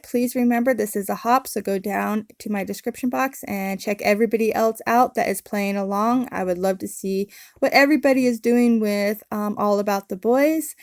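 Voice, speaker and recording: A woman narrating her scrapbooking process in a relaxed, casual voice-over, with many ums and uhs. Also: fairly high pitch, dry recording, clean studio sound. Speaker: scrapbooking channel host.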